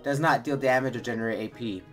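A man hosting a gaming video, casually walking through a game strategy in a relaxed, rambling way with lots of fillers and restarts. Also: mid-range voice, fast talker, soft background music. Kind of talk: casual game walkthrough commentary.

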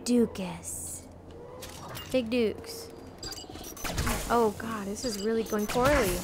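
A woman's voice: a little high, fairly even intonation, slow, noisy background. A woman giving casual, chatty let's-play commentary while streaming a game, exclaiming and joking at herself. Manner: chatty, exclaiming, self-deprecating.

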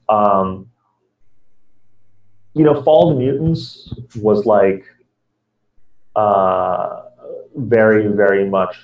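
A low-voiced man chats loosely as an interview guest, circling through his stories with plenty of fillers and restarts. His voice comes from a bit off the mic. It sounds muffled and lo-fi. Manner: rambling storyteller, many fillers and restarts. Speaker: comics writer guest. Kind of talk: casual interview chat. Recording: echoey, distant, dull lo-fi audio.

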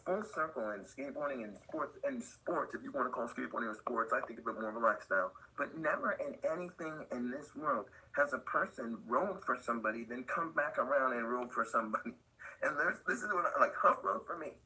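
A man's voice: medium pitch, lively intonation, quick pace, bright, forceful tone, slightly rough, low-quality recording. An older man, a skateboard company owner and podcast guest, telling rambling stories in casual conversation with lots of fillers. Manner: rambling, loose and anecdotal with many fillers.

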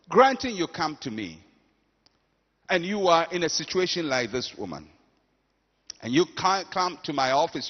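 A man's voice: high-pitched, pushed and bright, in a large hall, highs cut off. A man preaching a sermon as pastor, emphatic and calling for congregation responses, acting out quotes.

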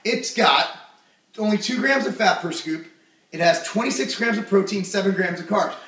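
A young man reviewing a supplement in a jokey vlog, loud and goofy, breaking into shouts. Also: high voice, lively intonation, moderate pace, roomy sound, distant mic.

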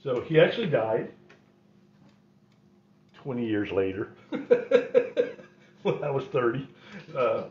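A man's voice: mid-range voice, very animated, slow, pauses often. A middle-aged man telling rambling stories in a wry way, often chuckling. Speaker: host. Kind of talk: casual storytelling. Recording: roomy, slightly dull recording.

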